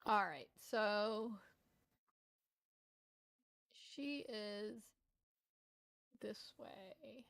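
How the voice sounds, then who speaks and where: A woman's voice: mid-range voice, extremely slow, vocal fry, long pauses, a bit bright, dry recording. Woman, Rhode Island accent with Southern tinge, lisp, rambling streamer chat, dry close sound. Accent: Rhode Island mixed with Southern US. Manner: rambling, self-deprecating, many restarts. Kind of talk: casual gameplay chat.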